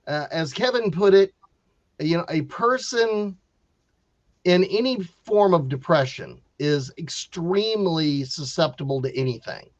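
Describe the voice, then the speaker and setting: A man's voice: on the high side, no room sound, dull audio. A man who is a psychic medium, a guest on a podcast, explaining his views in a matter-of-fact way during casual chat.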